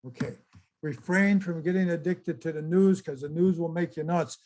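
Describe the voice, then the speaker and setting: A man's voice: a little high, steady tone, moderate pace, a little mellow. An older man giving a casual, chatty slideshow talk and exclaiming to his audience as presenter. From United States.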